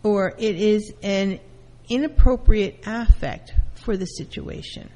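Slow-talking woman therapist teaching in a reverberant room. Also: medium pitch. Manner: calm, explains with everyday first-person examples. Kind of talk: lecture explaining psychology terms.

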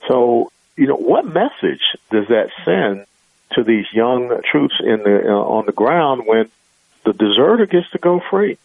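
A man's voice: mid-range voice, big pitch swings, measured pace, vocal fry, no echo, phone-quality sound. A man who is a guest on a radio talk show, arguing emphatically and often saying "you know". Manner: emphatic, argumentative, filler-heavy.

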